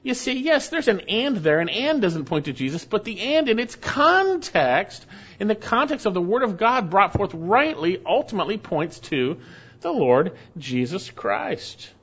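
A man with a fairly high voice preaches a Bible-teaching sermon, hammering home key phrases by repeating them. He slows right down to stress a point, then rattles off quick asides. The recording sounds dull and lo-fi. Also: big pitch swings, fairly bright tone, breathy edge. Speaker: pastor. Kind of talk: expository sermon.

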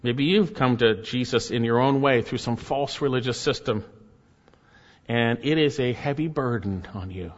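A pastor with a medium-pitched voice at normal speed preaches an expository sermon, earnest and emphatic, pressing his points as his intensity rises and falls. The recording is muffled, with long hall reverb.

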